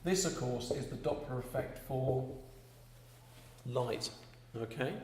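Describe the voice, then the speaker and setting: A man's voice: mid-range voice, slow, darkish tone. Teacher guy lecturing, keeps asking okay?, roomy classroom echo, faint hum. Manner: explains with repeated checking "okay?".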